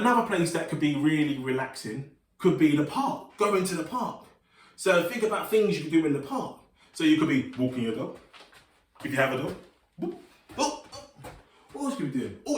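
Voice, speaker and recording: A man with a fairly high voice leads a children's movement and relaxation workshop. He is upbeat and encouraging, with playful sing-song call-outs. His voice sounds roomy and comes from some distance off the mic. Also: a bit bright. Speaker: workshop leader.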